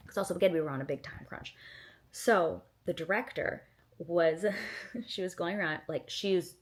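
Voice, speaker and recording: A woman's voice: on the low side, moderate pace. A woman recalling her days as an actress in a casual, rambling vlog story, full of restarts and bursts of laughter. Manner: breaks into laughter and acts out quotes. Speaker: actress recalling filming stories.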